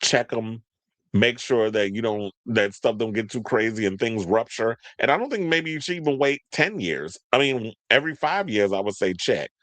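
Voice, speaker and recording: A man's voice: medium pitch, animated, normal speed, a bit bright, dry recording. A man hosting a celebrity gossip show, chatting casually in a sassy way with slang asides as he reads out news items. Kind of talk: casual commentary, reading news aloud.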